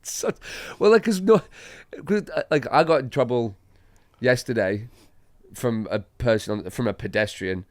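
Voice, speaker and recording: Young Australian comic, loose storytelling podcast guest, medium voice, close and dry. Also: male voice, mid-range voice, normal speed, dry recording. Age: young adult. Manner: swearing, animated storytelling with laughs. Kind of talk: casual chat.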